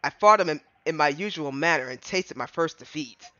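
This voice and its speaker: Guy reading a stern prosecutor's lines, low and measured, dull dry audio. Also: expressive, sharp tone, dry recording. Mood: solemn. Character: proud, remorseful young male prosecutor.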